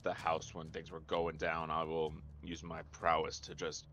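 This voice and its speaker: A man's voice: extremely low pitch, completely flat delivery, moderate pace, sharp tone, muffled recording. A man playing a tabletop game, talking hesitantly and stumbling over his words. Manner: hesitant, stumbling, laughs often. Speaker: player.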